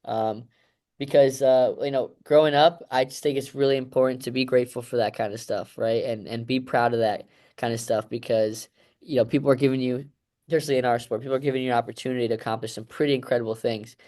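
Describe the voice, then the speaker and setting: A man's voice: mid-range voice, fairly even intonation, fast talker, darkish tone. A man in his thirties answering interview questions in a reflective, emotional way, rambling with many fillers. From United States. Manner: emotional, rambling, heavy fillers like "you know" and "right". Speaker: guest, Olympic wrestler.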